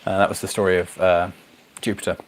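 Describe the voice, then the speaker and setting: A man's voice: low voice, fast talker, a little hiss or hum. Rambling man chatting on a livestream. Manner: rambling, animated, goes off on tangents. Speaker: livestream host. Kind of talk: casual chat reading viewer comments.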